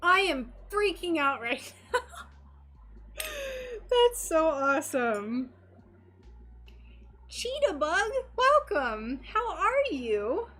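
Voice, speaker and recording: A woman's voice: extremely high pitch, sing-song, extremely slow, pauses often, sharp tone. A young woman chatting casually with her live-stream viewers while she works, bubbly and gushing. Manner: bubbly and gushing, talks to chat. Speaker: stained glass streamer.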